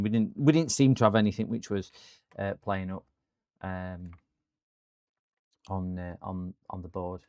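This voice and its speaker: A man's voice: sits low, a little mellow, smooth, no echo. A man chatting through a live computer repair stream from his workshop. He rambles and talks to his viewers as he works. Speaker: repair channel host.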